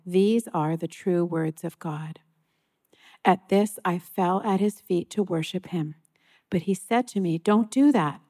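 A woman reading a scripture passage aloud in a church service, measured and solemn, slowing on key lines. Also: lowish voice, darkish tone. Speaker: scripture reader.

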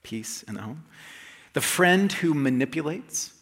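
A man's voice: fairly high pitch, animated, unhurried, a bit bright, breathy edge. A man preaching a casual, conversational sermon in a church, with restarts and chuckles, speaking into a microphone. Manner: conversational and self-deprecating, with restarts and laughs. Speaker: pastor. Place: church sanctuary. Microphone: handheld or lapel mic, checked aloud. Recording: long reverb of a large hall.

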